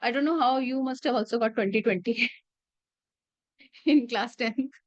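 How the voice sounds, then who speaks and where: High-voiced Indian woman lecturing. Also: unhurried, no echo. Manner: chatty, mixes in Hindi phrases. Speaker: teacher. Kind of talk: classroom lecture with anecdotes. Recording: slightly muffled dry recording.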